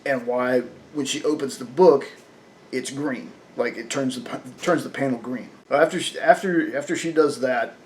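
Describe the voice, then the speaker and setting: A man's voice: medium pitch, slight background noise. A man reviewing a comic book in casual talk, chatty and full of fillers, often laughing.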